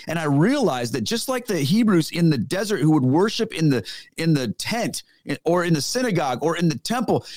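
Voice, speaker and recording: A man's voice: sits high, a little mellow, no echo. Middle-aged guy on a podcast, earnest and punchy, tells stories, dry close sound. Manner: earnest and emphatic, casual slang. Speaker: podcast guest, former pastor. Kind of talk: conversational storytelling.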